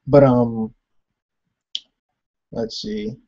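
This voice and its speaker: A young man recapping a TV episode in a rambling, animated way, laughing often and saying "like" a lot. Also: mid-range voice, extremely slow, dull audio, a little hiss or hum. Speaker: TV episode reviewer. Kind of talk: casual recap and commentary.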